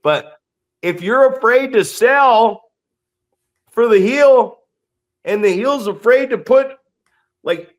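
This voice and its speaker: A man co-hosting a podcast, telling profane, animated stories full of acted-out quotes in casual chat. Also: extremely high pitch, slow pace, pauses often. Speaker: podcast co-host.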